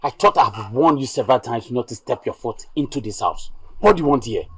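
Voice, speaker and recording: A man's voice: mid-range voice, lively intonation, brisk, a bit bright, breathy edge. A young actor playing a confused, agitated man who doesn't recognize the people around him, heard over background music. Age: young adult. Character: bewildered young man who has lost his memory. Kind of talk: youth drama acting.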